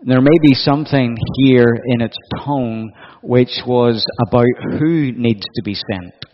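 A man's voice: mid-range voice, slow pace, a little hiss or hum. A man preaching a sermon in a reflective way, often putting questions to his listeners. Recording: dull audio with long hall reverb.

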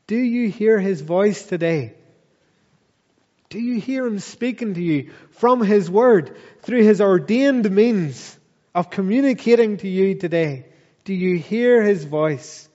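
A man preaches slowly and earnestly, his voice sitting high for a man. He presses his congregation with repeated questions and drawn-out emphatic phrases. The sound is dull and lo-fi, with long reverb from the church hall. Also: a little mellow. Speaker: pastor. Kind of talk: sermon.

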